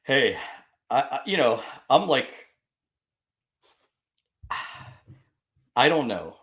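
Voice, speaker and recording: A man's voice: medium pitch, very animated, extremely slow, fairly bright tone. Guy hosting a chill interview, rambly, says like a lot, laughs easy. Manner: chatty, laughs often, lots of filler "like". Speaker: podcast host. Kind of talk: casual interview chat. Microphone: video call.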